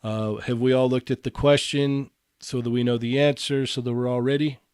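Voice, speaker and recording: A man's voice: medium pitch, normal speed, clear, resonant tone, no echo, studio quality. A man hosting a live stream and chatting casually while running a giveaway. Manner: lively, runs the giveaway. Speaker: podcast host.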